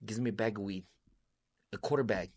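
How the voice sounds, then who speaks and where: A man as an interview guest, telling stories in an animated way and acting out the voices of the people he quotes. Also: on the low side, brisk, no echo, clean studio sound. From United States. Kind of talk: storytelling interview.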